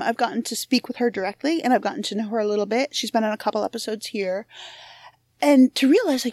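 A woman podcast host talks in a loose, candid way, sprinkling in curse words and wry asides about herself. Her voice sits a little high for a woman. The recording is dry and close, with no room sound. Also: darkish tone, no room sound. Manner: frank, profane, self-deprecating. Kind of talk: casual monologue intro.

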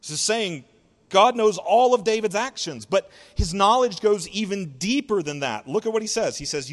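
A man preaching a sermon in an expressive, conversational way, asking rhetorical questions and drawing out words. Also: high-pitched, normal speed, in a large hall. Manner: conversational, sarcastic asides. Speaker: pastor.

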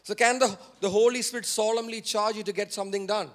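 Male pastor, sermon delivery, high-pitched, repeats lines for emphasis and calls on the congregation to respond. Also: fairly even intonation, fast, fairly bright tone. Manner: repeats key phrases for emphasis; questions and prompts the congregation.

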